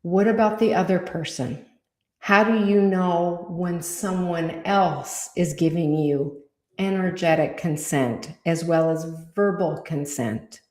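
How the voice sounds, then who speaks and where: A woman co-hosting a podcast, channeling spirit guidance in a calm, measured, deliberate way. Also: lowish voice, roomy sound.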